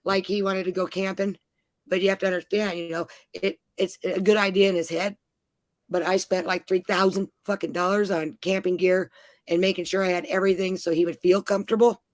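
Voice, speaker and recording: A woman's voice: on the low side, little pitch movement, fairly quick, no room sound. A middle-aged woman, a mother, telling rambling, profane travel stories in casual chat.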